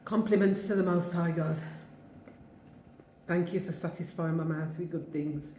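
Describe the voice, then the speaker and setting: Her lowish, warm voice is a little slow with fairly even intonation as this Wolverhampton-accented vlogger in her fifties eats and chats to camera. She's at home in Jamaica, rambling casually and laughing often. The recording is reverberant with slight background noise.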